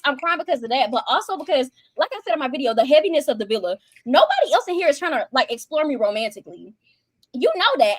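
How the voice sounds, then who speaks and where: Brief: high-voiced woman reviewer, heated and profane, quick delivery. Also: dry recording, clean studio sound. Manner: fast, heated, profane, acts out quotes. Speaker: reality show reviewer. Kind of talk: casual ranting commentary.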